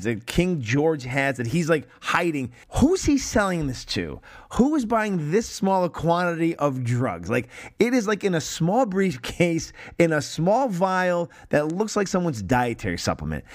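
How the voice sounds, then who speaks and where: A man co-hosting a podcast, chatting casually about old films, laughing often and swearing freely as he rambles. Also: on the high side. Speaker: podcast co-host. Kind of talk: casual film review chat.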